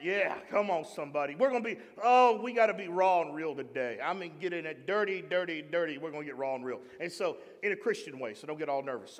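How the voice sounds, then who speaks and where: High-voiced animated pastor preaching. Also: male voice. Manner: humorous, animated preaching with call-and-response to the congregation. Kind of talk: sermon. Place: church sanctuary. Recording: long hall reverb in church.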